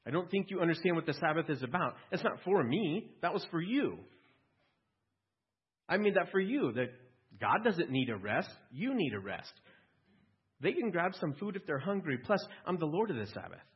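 A man's voice: fairly high pitch, very animated, moderate pace, breathy edge, pitched above the performer's own voice, heavily acted. A man voicing an earnest male religious teacher, speaking emphatically and raising his voice to press a point. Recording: dull lo-fi recording.

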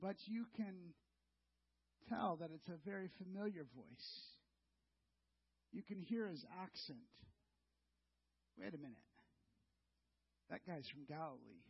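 A middle-aged male pastor with a high voice delivers a sermon as a conversational story, speaking straight to his listeners as "you". His tone is husky, and the recording sounds dull and lo-fi. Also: animated, measured pace, pauses often.

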